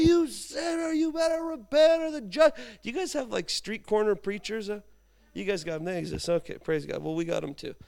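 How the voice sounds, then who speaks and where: High, clear-voiced man preaching casually. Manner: informal, chatty storytelling with asides to the congregation. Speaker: pastor. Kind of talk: conversational sermon.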